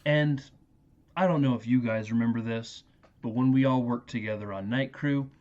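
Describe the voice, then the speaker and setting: A man's voice: medium pitch, normal speed, a little mellow. A man hosting a podcast, laughing often while he recaps a movie in casual chat. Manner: laughing, acts out movie quotes. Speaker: podcast host. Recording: dull lo-fi audio.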